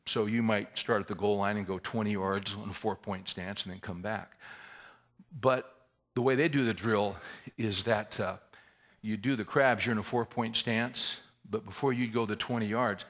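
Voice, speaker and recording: A man preaching a sermon, telling a story in a conversational way that builds to loud, intense climaxes. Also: fairly low pitch, fairly even intonation, normal speed. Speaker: pastor.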